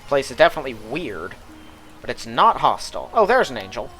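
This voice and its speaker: Male gameplay host, mid-pitched voice, casual and wry, faint music behind. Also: big pitch swings, brisk, fairly bright tone. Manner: casual, wry asides, reads game text aloud. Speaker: let's play host.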